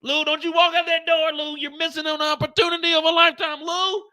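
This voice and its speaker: A man doing a frantic, high-pitched pleading exec. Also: flat delivery, brisk, sharp tone, heavily acted. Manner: frantic, whiny begging, repeating a name. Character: desperate pleading male record exec.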